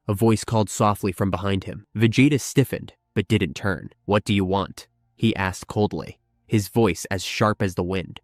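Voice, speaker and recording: A man reading a scripted story narration in a measured, steady way. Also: on the low side, no echo, studio quality.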